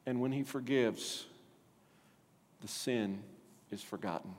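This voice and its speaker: A man's voice: medium pitch, takes it slowly. Preaching man in a reverberant hall. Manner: animated, asks the congregation questions. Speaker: pastor. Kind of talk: sermon.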